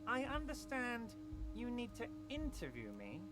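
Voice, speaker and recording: A man's voice: very high-pitched, huge pitch swings, measured pace, voice pushed up, exaggerated voice. A man voicing a scheming middle-aged union boss who sounds falsely friendly and slips in veiled threats, reading game dialogue on a stream. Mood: oily persuasive.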